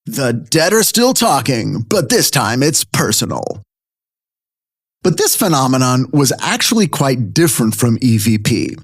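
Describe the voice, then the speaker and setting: Here the podcast host, a man in his fifties, speaks at medium pitch, a little slowly, with a breathy edge. The studio sound is clean with no room sound, and his storytelling is animated, conversational, and aimed straight at listeners.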